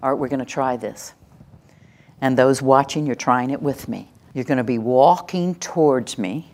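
An older woman with a low voice leads a live teaching session, coaching her listeners through hands-on exercises. She is animated and demonstrative, often acting out the scenes she describes. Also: normal speed. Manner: lively and demonstrative, acts out examples and leads exercises. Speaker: workshop presenter on calming children. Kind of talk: live teaching talk to an audience.

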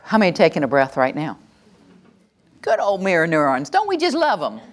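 An older woman presenting a live workshop, lively and demonstrative, acting out examples and leading the audience through exercises. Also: deep voice, normal speed. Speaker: workshop presenter on calming children. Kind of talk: live teaching talk to an audience.

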